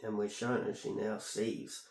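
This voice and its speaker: Man, low and gravelly, casual aggrieved rambling vlog talk, echoey room. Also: level tone, unhurried, darkish tone. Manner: aggrieved, meandering, talks while ear candling. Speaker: vlogger.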